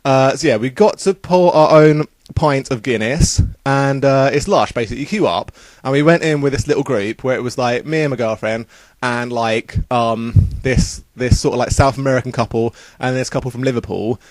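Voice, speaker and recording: This vlogger is a young man chatting casually about a trip, upbeat and rambling, full of fillers. He speaks in a mid-range voice at a moderate pace. The audio has no echo.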